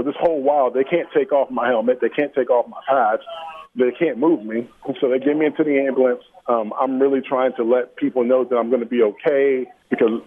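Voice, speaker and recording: A man in an interview, slowly and earnestly recounting a personal story with frequent restarts. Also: mid-range voice. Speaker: interview guest. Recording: tinny phone-like sound with faint noise.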